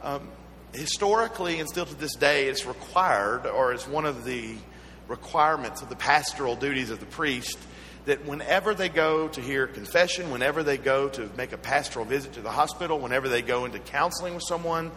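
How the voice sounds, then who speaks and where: Southern guy preaching, bright punchy voice, earnest w a bit of humor, big echoey hall. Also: medium pitch. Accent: Southern American. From American South. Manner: earnest storytelling with gentle humor. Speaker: pastor. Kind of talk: sermon. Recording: echoey hall with faint hum.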